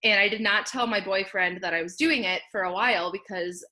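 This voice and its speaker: Bright, chatty young woman telling her story. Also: medium pitch, brisk. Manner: chatty and upbeat, frequent laughs and "like" fillers. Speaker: guest sharing a success story. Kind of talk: casual personal testimonial. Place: at home.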